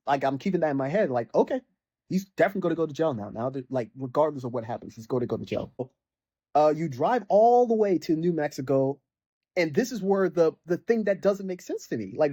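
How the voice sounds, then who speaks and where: A man's voice: fairly high pitch, expressive, quick pace, mellow, dry recording. A young man ranting casually about a video game, rambling with lots of fillers and mocking the characters in exasperated bursts. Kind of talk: casual rant.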